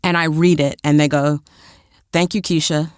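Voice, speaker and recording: A woman's voice: low voice, normal speed, clean tone, dry recording, studio quality. A woman guest telling a story with energy, acting out the voices of people she quotes. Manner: expressive, acts out quoted dialogue. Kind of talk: animated storytelling.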